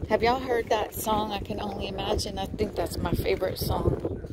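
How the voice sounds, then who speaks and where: A woman's voice: medium pitch, fairly even intonation, moderate pace. A woman, a little out of breath, vlogging by the water on her phone in a folksy, chatty way and reading Bible verses aloud. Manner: folksy and chatty, talks to viewers as y'all. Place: outdoors on a pier by the water. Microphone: handheld phone. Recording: windy outdoor phone recording. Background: wind and outdoor noise.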